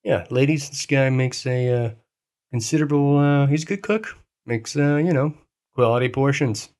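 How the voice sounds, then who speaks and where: A man's voice: medium pitch, moderate pace, a little mellow. A man co-hosting a podcast in casual chat, teasing his friend and rambling, swearing freely. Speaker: podcast co-host.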